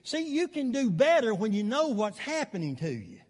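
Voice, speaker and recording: An older man, preaching a sermon as pastor, telling stories in an animated way and chuckling between lines. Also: high-pitched, normal speed, long reverb tail.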